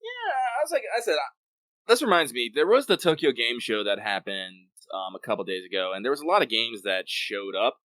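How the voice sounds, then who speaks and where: A man's voice: medium pitch, big pitch swings, fairly quick, sharp tone, no echo. A man co-hosting a podcast, chatting casually and rambling about games with lots of fillers and swearing, on a desk microphone. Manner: rambling, profane, many fillers. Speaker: podcast co-host. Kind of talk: casual gaming chat.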